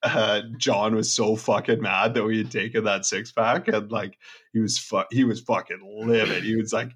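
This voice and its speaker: A man's voice: fairly low pitch, fairly even intonation, moderate pace, fairly bright tone, husky. A young man on a podcast over a video call, telling laid-back, crude stories among friends. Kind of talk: casual storytelling.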